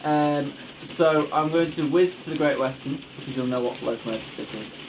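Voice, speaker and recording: A man's voice: a little high, moderate pace, noisy background. A young man hosting a casual podcast chat, rambling eagerly with lots of fillers and restarts. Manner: enthusiastic, rambling with many fillers. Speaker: podcast host.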